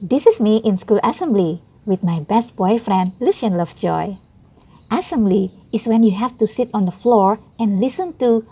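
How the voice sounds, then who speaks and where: A woman reading a children's picture book aloud in a playful, expressive first-person voice. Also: medium pitch, normal speed, slightly rough. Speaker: storybook reader.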